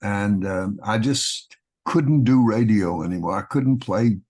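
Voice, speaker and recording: An older man from Texas, a guest actor, telling long anecdotes in an interview in a relaxed, storytelling way. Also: on the low side, a little slow, slightly rough. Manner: relaxed anecdotal storyteller, acting out quoted voices.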